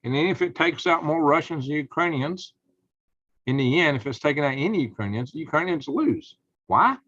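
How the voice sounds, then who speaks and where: A man hosting a live prepping channel, rambling folksy commentary that turns loud and indignant, with a drawl. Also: fairly high pitch, animated, moderate pace, dry recording, muffled recording.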